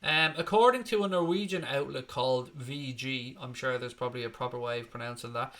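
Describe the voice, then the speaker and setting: A man's voice: mid-range voice, fairly quick, a bit bright. A man hosting a football fan channel, reading viewer comments aloud and answering them in a blunt, sweary, chatty way. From Northern Ireland or Ireland. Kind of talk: casual livestream chat.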